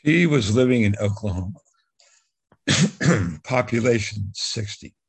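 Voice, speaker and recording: A man's voice: fairly low pitch, lively intonation, measured pace, husky. A middle-aged man telling a long personal story in a casual interview, rambling and repeating words as he goes. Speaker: guest telling his life story.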